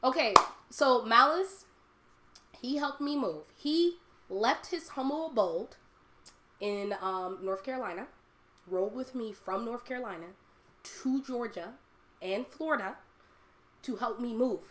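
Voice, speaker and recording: A woman talking casually and candidly as a live streamer, telling animated personal stories and laughing often. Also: on the high side, measured pace, pauses often. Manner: candid and confiding.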